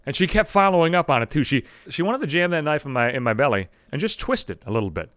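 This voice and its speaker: Fast, animated profane podcast host man. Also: a little high, dry recording, studio quality. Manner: profane, ranting, self-mocking. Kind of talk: casual comedic monologue.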